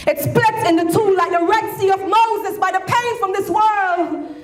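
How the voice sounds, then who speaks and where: A woman performing an impassioned spoken word poem, at times shouting and lilting into a sing-song delivery. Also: extremely high pitch, a little slow. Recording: echoey room with faint ambient noise.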